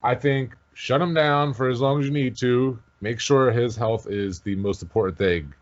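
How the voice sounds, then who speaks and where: A young man co-hosting a sports podcast, opinionated and quick to chime in. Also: mid-range voice, fairly even intonation, highs cut off. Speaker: podcast co-host. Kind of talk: casual sports chat.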